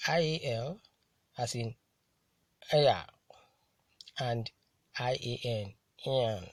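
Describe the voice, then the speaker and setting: A man teaching English word stress, saying each word slowly and repeating it for the learner to copy. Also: mid-range voice, a bit bright, no echo. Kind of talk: slow drilled pronunciation lesson.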